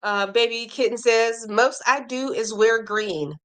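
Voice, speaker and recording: Woman, crochet livestream host, casual chat, reads comments aloud, lively reactions. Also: fairly high pitch, unhurried.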